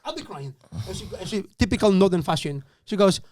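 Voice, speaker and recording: A man telling a comedy gig story on a podcast, animated and swearing as he acts out the people in it. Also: sits high, fairly quick. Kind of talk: casual podcast anecdote.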